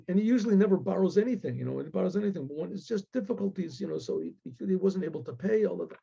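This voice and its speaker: Rabbi guy telling a story, kinda high and mellow, acts out all the characters, muffled recording. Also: quick pace, vocal fry, breathy edge. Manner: animated, acts out the voices of the characters.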